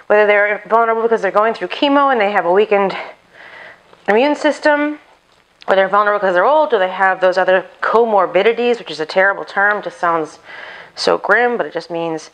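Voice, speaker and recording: A woman's voice: medium pitch, a little fast, a bit bright, low-quality recording. A woman hosting a home cooking video on a chest mic, chatting casually and talking to herself as she works. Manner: rambling, talks to herself while cooking. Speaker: cooking channel host. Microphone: lapel mic on chest.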